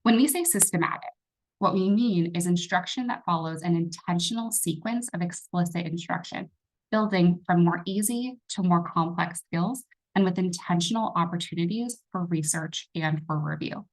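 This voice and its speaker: A woman runs a teacher training session over a video call. Her voice sits fairly low, and she talks in a relaxed, conversational way, often pausing with fillers and restarting sentences. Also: low-quality recording. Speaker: workshop facilitator. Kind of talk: online training presentation.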